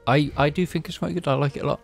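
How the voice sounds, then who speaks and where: A man's voice: on the high side, fairly even intonation, very fast, creaky, soft background music. A man co-hosting a casual podcast, rambling through his points with self-mocking humour and frequent laughter. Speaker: podcast co-host. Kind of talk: casual chat among friends.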